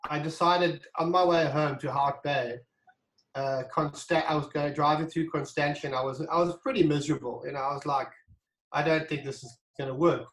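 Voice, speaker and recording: Animated man, echoey room. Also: on the high side, normal speed. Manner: animated, acts out quoted dialogue, frequent restarts. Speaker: guest, wine brand founder. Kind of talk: casual storytelling interview.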